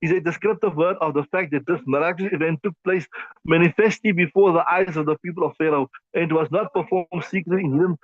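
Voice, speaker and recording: Male religious teacher, slightly high voice, emphatic and chatty with fillers; dry, muffled recording. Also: fast talker, no echo. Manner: conversational, repetitive, emphatic with many fillers. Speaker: Islamic teacher. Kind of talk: tafsir class lecture. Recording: dull lo-fi dry sound.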